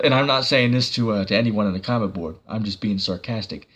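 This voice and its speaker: A man's voice: on the low side, fast, fairly bright tone, lo-fi sound. A man giving a casual online sermon, rambling with many fillers and breaking into sarcastic bursts. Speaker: preacher.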